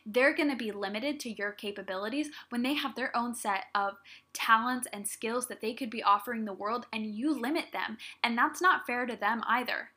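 A woman's voice: a little high, moderate pace, pushed and bright. A young woman hosting her own podcast, giving an earnest, encouraging solo talk straight to her listeners. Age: young adult. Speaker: podcast host.

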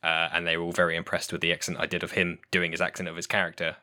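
Low-voiced man in bright, rambling chat. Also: completely flat delivery, rapid-fire. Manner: rambling, self-correcting, laughs often. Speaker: podcast guest and tabletop player. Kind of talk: casual chat.

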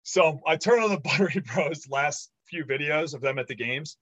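Bright-voiced man, rambling and animated. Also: a little high, normal speed, no echo, dull audio. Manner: rambling, animated storytelling with swearing. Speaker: podcast co-host. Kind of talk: casual chat.

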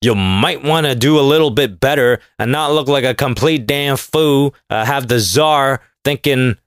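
A man delivering a casual comedic rant, sarcastic and profane, mocking people with quick put-on voices. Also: mid-range voice, smooth, no echo, studio quality.

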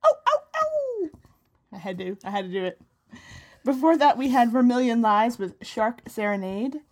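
A woman with an American accent, hosting a podcast in loud, playful banter. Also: on the high side, normal speed. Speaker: podcast host. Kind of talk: casual co-host banter.

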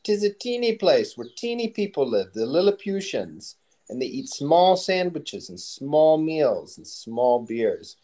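A man's voice: on the high side, very animated, measured pace, warm tone, pitched above the performer's own voice. A man doing a whimsical fairy-tale storyteller with a raised, sing-song telling voice. Each phrase is stretched out like a storybook being read aloud.

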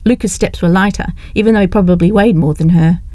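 Mellow female audiobook narrator. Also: lowish voice, fast talker, dry recording.

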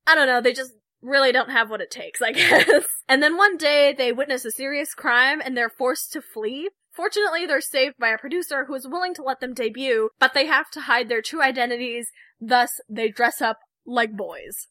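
A woman's voice: high voice, moderate pace, hardly any pauses, sharp tone, no echo. A young woman co-hosting a podcast, chatting casually, laughing and retelling stories with animation. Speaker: podcast co-host.

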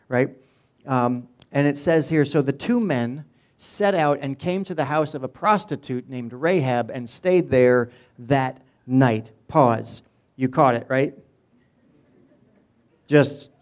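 A man's voice: mid-range voice, darkish tone. A middle-aged male pastor preaching a sermon, telling the story casually with asides and jokes.

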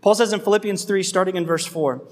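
A man's voice: high-pitched, quick pace. A man preaching a sermon as pastor, earnest and pleading, conversational in tone. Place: church hall. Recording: long hall reverb.

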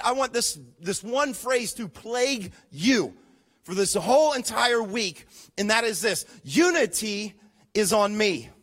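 This pastor's voice is very high-pitched as he delivers an emphatic sermon. Key phrases come back again and again, he draws the congregation into call-and-response, and his volume ranges from quiet asides to full shouts.

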